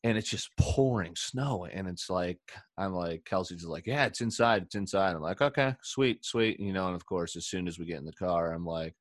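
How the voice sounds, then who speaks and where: Man, very low voice, casual podcast host, rambling, laughs between lines, dry close mic. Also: moderate pace, no echo. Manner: rambling, animated, laughs while telling stories. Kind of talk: casual storytelling chat.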